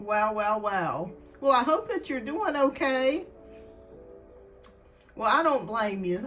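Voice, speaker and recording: High-voiced, breathless woman tarot host. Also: animated, drawn-out words, long pauses, fairly bright tone, faint music behind. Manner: chatty, greets viewers by name. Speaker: tarot reader hosting a live stream. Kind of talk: casual live-stream chat.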